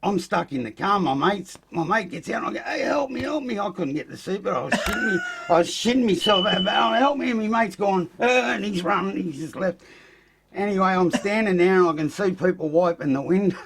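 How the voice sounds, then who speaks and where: Gravelly Australian man telling stories. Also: sits high, a little fast. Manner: swearing, animated storyteller acting out quotes. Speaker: podcast guest. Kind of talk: casual storytelling.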